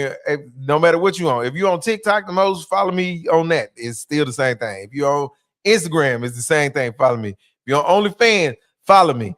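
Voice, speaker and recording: A man's voice: fairly high pitch, a bit bright, no room sound, studio quality. A man, a comedian guest chatting casually on a podcast with lots of fillers and jokes. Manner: laid-back, joking, many fillers.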